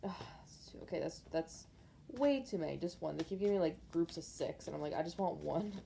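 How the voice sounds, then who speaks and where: A woman's voice: deep voice, lively intonation, fairly quick, gravelly, warm tone, a little hiss or hum. A woman doing a casual pick-a-card tarot reading, rambling and speaking intuitively to viewers with lots of fillers.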